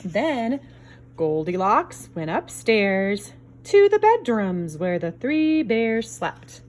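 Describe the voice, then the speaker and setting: A woman reading a picture book aloud to children in an expressive storyteller's way. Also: mid-range voice, slow pace. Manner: expressive, varied storyteller delivery. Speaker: storybook reader.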